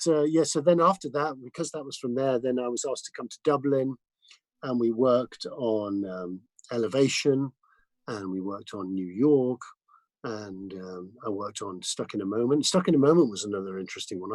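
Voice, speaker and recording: A man, a mixing engineer, telling studio anecdotes as a guest in a casual interview, lively and full of restarts. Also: mid-range voice, no room sound, rough recording. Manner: animated anecdotes with many restarts and fillers.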